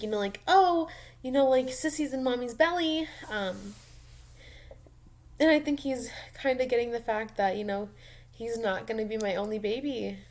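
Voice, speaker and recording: A young woman, a mom, talking casually and emotionally in a personal vlog, rambling with many ums and soft laughs. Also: medium pitch. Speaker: mom vlogger.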